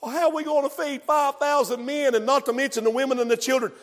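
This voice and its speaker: A man's voice: extremely high pitch, steady tone, fast, in a large hall. A man preaching a sermon emphatically, with call-and-response asides.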